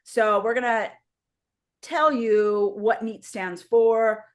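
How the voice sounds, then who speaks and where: Chatty woman podcast co-host, fairly high voice. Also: steady tone, slow. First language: French. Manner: chatty, rambling, upbeat. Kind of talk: casual chat.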